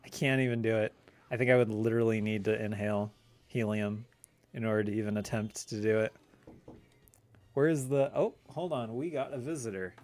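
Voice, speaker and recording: A man's voice: fairly low pitch, steady tone, brisk, a little mellow. Chatty man in his thirties streaming. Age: 30s. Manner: rambling, chatty, answers chat questions. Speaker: livestream host. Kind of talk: casual chat on a gaming livestream.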